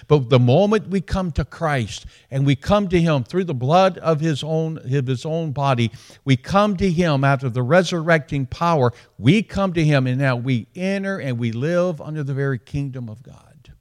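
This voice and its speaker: A man with a Southern US accent preaching a sermon as a pastor, repeating phrases for emphasis and swinging between hushed and raised delivery. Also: fairly high pitch, lively intonation, measured pace.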